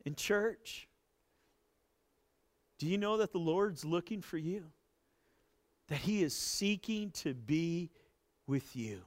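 A male pastor preaching to online viewers and leading them in fervent, pleading prayer that swells and then falls soft, recorded in a church. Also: a little high, expressive, takes it slowly, long pauses.

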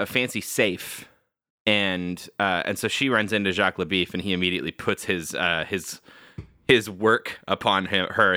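A man hosting a casual podcast, recapping a cartoon with animated, self-mocking energy. His voice is bright and sits a little low. The sound is dry and close. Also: dry recording. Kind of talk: casual chat.

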